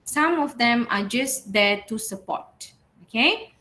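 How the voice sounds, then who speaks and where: A woman gives an online lecture at an unhurried pace. Her voice sits a little high, and she leans on key words and checks in often with "okay" and "all right.". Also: animated, pushed and bright, rough recording. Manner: slow, repeats and stresses keywords, frequent "all right" and "okay". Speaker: university English lecturer.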